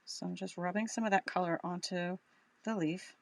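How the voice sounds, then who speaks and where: Woman, Boston accent, slightly low voice, chatty craft demo, upbeat. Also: steady tone, normal speed, gravelly. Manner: chatty and upbeat, thinking aloud with fillers. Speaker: craft demonstrator. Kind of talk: casual live crafting tutorial.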